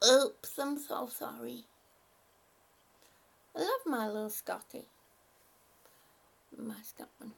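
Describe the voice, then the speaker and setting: Slow, gravelly-voiced woman streamer. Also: a little high, animated. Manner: halting, many restarts, affectionate to chat. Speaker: livestream host. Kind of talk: casual livestream chat with viewers.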